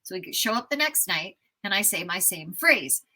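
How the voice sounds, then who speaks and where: The recording is rough, but this American woman in her fifties comes across as an enthusiastic, animated storyteller. A travel writer and interview guest, she speaks at normal speed in a medium-pitched voice, sharing stories casually.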